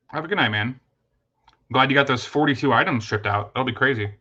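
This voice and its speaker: A man's voice: mid-range voice, a little fast, bright, forceful tone, lo-fi sound. Chatty man hosting a livestream. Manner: chatty, thanks viewers, many fillers and restarts. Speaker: livestream host. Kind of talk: casual livestream chat.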